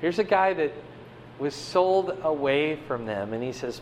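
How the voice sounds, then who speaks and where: Animated man preaching a conversational sermon. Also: a little high, measured pace, a little hiss or hum. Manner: animated, swings between loud emphasis and quiet asides. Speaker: pastor teaching a Bible passage.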